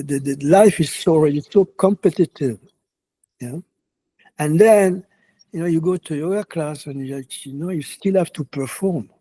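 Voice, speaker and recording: Soft-spoken halting yogi with a mellow voice. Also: male voice, fairly high pitch, no echo. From France. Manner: halting, many restarts and fillers, earnest. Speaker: yoga teacher. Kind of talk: reflective interview answers.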